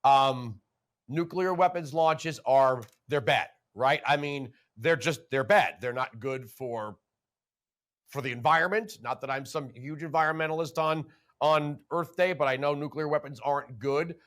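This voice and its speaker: Brief: male TV host, fairly high voice, quick sarcastic questions. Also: a bit bright. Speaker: talk show host. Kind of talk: political talk show interview.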